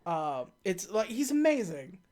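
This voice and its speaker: Her voice mid-range and unhurried, a podcast co-host casually runs through a movie's plot. She's animated, performing scenes from it in comic voices.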